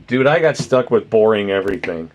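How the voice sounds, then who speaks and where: A man's voice: lowish voice, expressive, fairly quick. A man chatting casually with viewers on a stream, rambling, swearing freely and laughing often, with no particular accent. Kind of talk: casual livestream chat.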